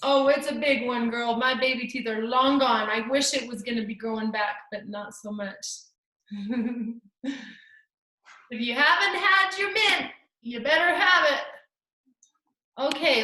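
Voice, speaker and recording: A woman's voice: high voice, bright, forceful tone. A woman teaching a live online art class to children over a video call, full of gushing, encouraging praise. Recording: echoey room.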